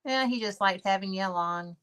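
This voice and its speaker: A woman's voice: mid-range voice, brisk, a bit bright, clean tone. A woman hosting an interview show, chatting casually with her guest and reacting to his stories. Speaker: host.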